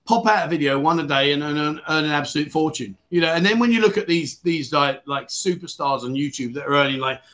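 A man's voice: on the high side, fast talker, hardly any pauses, a bit bright. A British man hosting a casual livestream, out of breath, chatty and jokey, rambling with self-corrections. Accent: British English. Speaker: livestream host.

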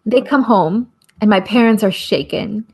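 A woman's voice: medium pitch, unhurried, breathy edge. A woman in her forties telling a personal story in an impassioned, earnest way, repeating phrases in a rhythmic cadence. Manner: rhythmic, repetitive, earnest, with soft laughs. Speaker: guest speaker, activist.

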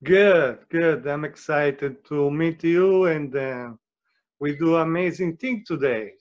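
A man with an Italian accent, an artist whose first language is Italian, speaking halting broken English on a lo-fi video call. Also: a little high.

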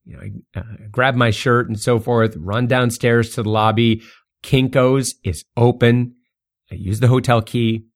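A podcast host telling a story in a casual, animated way, laughing often, his voice jumping up when he gets excited. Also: mid-range voice, unhurried.

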